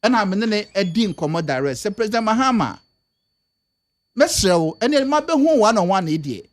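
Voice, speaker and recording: A man's voice: sits high, sing-song, normal speed. A man giving emphatic political commentary on a radio talk show, mixing Twi and English.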